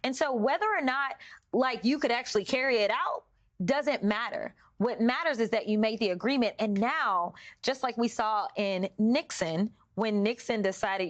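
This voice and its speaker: A woman's voice: a little high, moderate pace, muffled recording. A woman on a political panel, explaining legal points step by step. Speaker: panel commentator.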